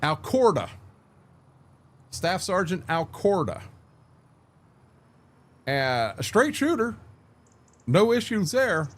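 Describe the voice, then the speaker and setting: An older American man spins army stories during a game stream. His pitch swings widely and often climbs high, and his delivery is loose and salty. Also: slow, long pauses. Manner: profane, animated war-story telling. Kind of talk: casual storytelling on a stream.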